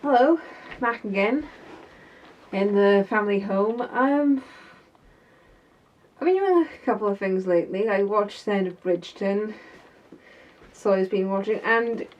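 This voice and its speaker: A woman playing a sassy woman mechanic in a character video diary, chatty and quick to get heated. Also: medium pitch, distant mic, muffled recording, natural voice. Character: tough woman mechanic, sassy and fed up with stereotypes.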